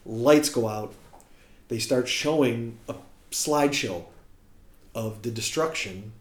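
A man's voice: medium pitch, takes it slowly. A man from the United States, a musician telling a casual anecdote and acting out the people he quotes. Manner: animated storyteller who acts out quotes. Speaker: guest musician. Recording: roomy echo.

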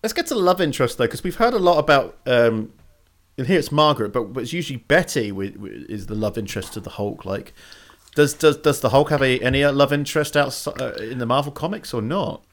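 Man recapping a plot in casual chat. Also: fast. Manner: animated, jumps higher when excited or joking. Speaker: podcast co-host.

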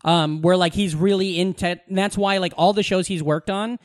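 A man's voice: high voice, fairly even intonation, normal speed, dry recording, clean studio sound. A man co-hosting a casual podcast chat, rambling and profane, often laughing at his own jokes. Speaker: podcast co-host.

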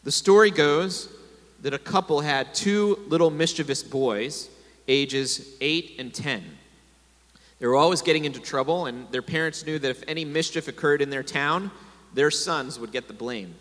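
A man's voice: on the high side, moderate pace, a bit bright. Male preacher, sermon delivery with call-and-response, reverberant sanctuary sound. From America. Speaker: pastor. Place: congregation hall. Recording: long hall reverb.

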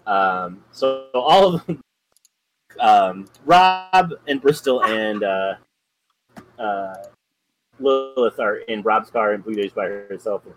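A man's voice: lowish voice, animated, slow pace, long pauses, rough recording. A man co-hosting a podcast, casually retelling a story in a rambling way, full of ums and likes. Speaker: podcast co-host.

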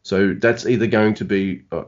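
A man's voice: on the low side, fairly even intonation, moderate pace, lo-fi sound. Laid-back man hosting a podcast. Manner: laid-back, teasing, laughs often. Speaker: podcast host. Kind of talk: casual chat.

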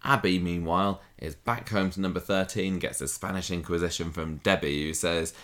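A man with a low, deep voice chats casually as a podcast co-host. He recaps with a loose, laughing manner, often slipping into little quoted voices. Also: steady tone, moderate pace, hardly any pauses, fairly bright tone. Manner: chatty, laughing, acting out quotes. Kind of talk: casual chat recapping a soap.

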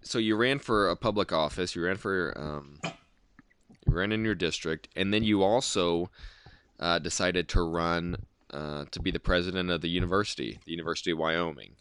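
A man hosts a casual interview with a very low, smooth voice. His questions come out halting as he searches for words, and the sound is dry and close. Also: a bit bright, no room sound. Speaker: interview host.

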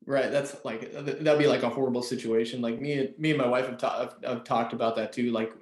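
A man's voice: medium pitch, steady tone, brisk, roomy sound. A man in his thirties, a father, chatting casually on a podcast with many fillers and restarts. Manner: rambling, lots of fillers and restarts. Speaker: podcast co-host.

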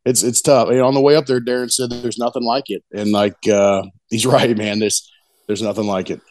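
A middle-aged man, a competition barbecue pitmaster, telling a rambling, excited story in a casual interview, often saying "you know what I mean". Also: medium pitch, fairly quick.

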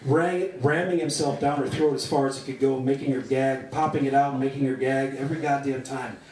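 A man's voice: mid-range voice, fairly even intonation, a little fast, darkish tone. A man giving a live reading of crude comic fiction, delivered wryly. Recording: roomy sound from a distant mic.

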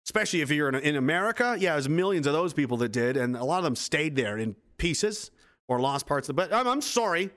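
Man in his twenties, streamer, heated and sarcastic, swears a lot, fairly high voice. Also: lively intonation, fast, fairly bright tone. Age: 20s. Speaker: livestream host. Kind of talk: angry political rant on a livestream.

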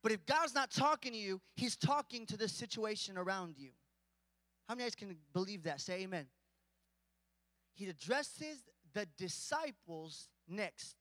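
A man's voice: high voice, expressive, measured pace, pushed and bright, no echo, big-room sound. A man preaching a casual, conversational sermon, joking with the congregation and rising to emphatic points.

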